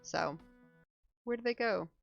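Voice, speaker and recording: A woman's voice: medium pitch, unhurried, vocal fry. A young woman hosting a casual live stream, rambling and chatty, with many fillers as she talks and reads a game aloud. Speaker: streamer host. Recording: slightly muffled stream audio with faint music.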